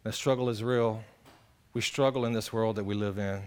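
A man preaching a sermon, animated and conversational, swinging between loud exclamations and hushed earnest passages. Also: fairly low pitch, moderate pace, smooth. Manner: conversational, addresses the congregation directly. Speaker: pastor.

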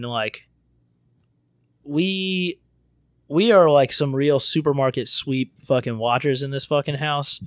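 A man's voice: medium pitch, dry recording, clean studio sound. Profane, laughing young man telling a story. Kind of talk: casual storytelling chat.

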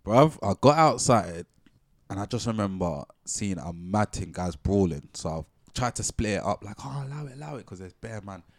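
A young man tells a rambling story on a podcast, full of slang and restarts. His voice sits fairly low, close and dry with little room sound, and he talks with lively energy. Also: dry recording. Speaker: podcast co-host. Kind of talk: casual storytelling chat.

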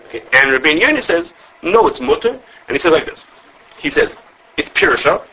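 A man teaching an informal religious law class, talking fast with lots of restarts and acting out the sources he quotes. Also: a little high, big pitch swings, sharp tone, slightly rough, poor audio. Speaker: Torah teacher.

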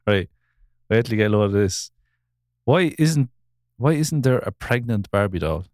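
Low-voiced podcast host. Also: male voice, animated, normal speed, a little mellow, no echo, studio quality. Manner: laughs easily, rambling storytelling. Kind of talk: casual chat.

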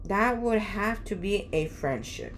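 A woman's voice: mid-range voice, lively intonation, unhurried, a little hiss or hum. A woman reading as a kindly old riddle-lover. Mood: warm. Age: older. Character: kindly older woman who loves riddles.

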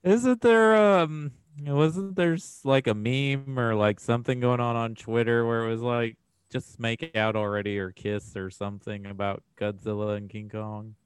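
A man speaking casually in a very smooth, resonant voice with a dry, close sound. He hesitates and gropes for his words as he asks his question. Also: mid-range voice, steady tone, measured pace, hardly any pauses, no echo. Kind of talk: casual chat.

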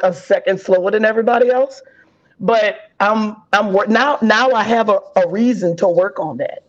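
A woman comedian, chatting in a casual interview, laughing and acting out what people said. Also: medium pitch. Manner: animated, laughing, acts out quotes. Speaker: comedian guest. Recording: dull lo-fi audio.

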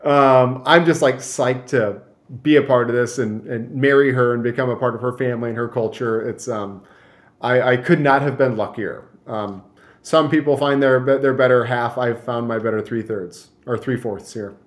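A man's voice: medium pitch, normal speed. A young man from Michigan, a guest telling a story in casual chat, rambling with many fillers and restarts.

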